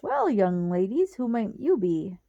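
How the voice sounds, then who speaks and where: A woman's voice: medium pitch, very animated, a little slow, gravelly, warm tone, lo-fi sound. A woman reading the lines of a cocky young man in jail, in a wry, teasing tone.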